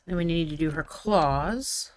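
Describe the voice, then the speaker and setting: A woman's voice: low voice, unhurried, slight background noise. A young woman hosting a live miniature-painting stream, chatting casually and teasing her co-host while she paints. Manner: chatty, teasing, laughs often.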